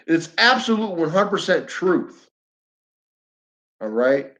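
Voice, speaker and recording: A man's voice: fairly high pitch, very animated, slow, long pauses, a bit bright, rough recording. A man with a New York accent ranting bluntly on a livestream, repeating himself and talking straight to his viewers. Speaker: flat earth livestreamer. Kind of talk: fired-up livestream rant.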